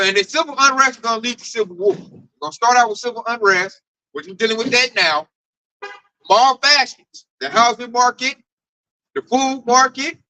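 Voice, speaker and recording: A man tells animated stories in a casual group chat, slipping into his coworkers' voices as he goes. His tone is bright and forward. The sound is close and dry, with no room around it. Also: very high-pitched, no room sound, rough recording. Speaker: speaker at a group discussion.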